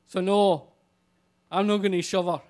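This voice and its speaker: A man telling a comic personal story live on stage, animated and swearing freely. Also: sits high, unhurried.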